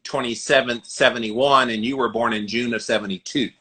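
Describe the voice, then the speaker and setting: A man in his forties with a Southern US accent, hosting a podcast interview in an excitable, chatty way. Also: medium pitch, fairly quick. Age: 40s. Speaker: podcast host. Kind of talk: casual interview chat.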